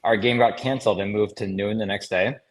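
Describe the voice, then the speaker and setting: A man's voice: on the low side, a little fast. A man in his thirties who co-hosts a casual sports chat show, telling stories about his playing days with lots of laughter. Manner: laughing storyteller, animated anecdotes. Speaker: co-host, former player.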